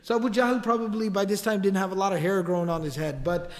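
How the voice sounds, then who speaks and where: A man with a high voice tells a story as a lecture. His delivery is casual and lively, with slangy asides. A long reverb hangs behind him, as in a big hall. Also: fast.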